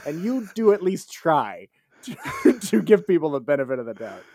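Male co-host, emphatic and jokey, lively high voice. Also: normal speed, dry recording, clean studio sound. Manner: emphatic, joking, profane. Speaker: podcast co-host. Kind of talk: casual podcast chat.

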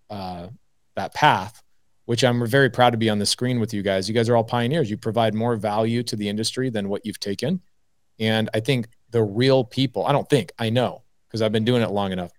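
A man's voice: on the low side, no room sound, clean studio sound. A man on a debate panel talking casually, acting out the things he says himself. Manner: animated, storytelling, quotes himself. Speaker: guest panelist.

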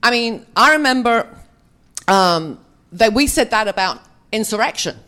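A woman's voice: a little high, animated, unhurried, bright, forceful tone. A woman telling chatty, self-mocking stories to a live audience as a guest on a convention panel. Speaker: actress speaking at a fan convention panel. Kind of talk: anecdotal storytelling to a live audience.

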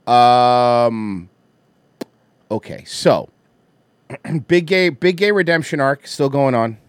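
A man's voice: mid-range voice, animated, takes it slowly, clear, resonant tone, no room sound. A man hosting a podcast, giving his opinions in a casual, wry way with many restarts. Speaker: podcast host. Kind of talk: casual commentary chat.

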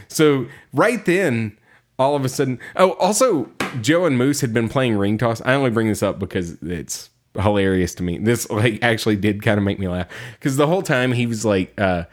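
A man's voice: fairly low pitch, expressive, normal speed. Laughing, rambling podcast co-host man. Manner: rambling, laughing, acting out quotes. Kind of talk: casual chat recapping an episode.

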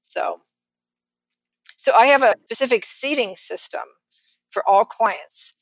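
A middle-aged financial advisor with a Texan accent, telling stories lively in an interview and acting out the people she quotes. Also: a little high, slow pace, no echo. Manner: animated, acts out quotes of others. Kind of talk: storytelling in a podcast interview.

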